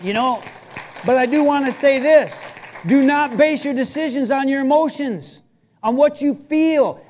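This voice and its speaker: Male pastor, very high voice, chatty and emphatic sermon storytelling. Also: unhurried, a little mellow, some chatter behind, a little hiss or hum. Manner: storytelling preacher, emphatic and conversational.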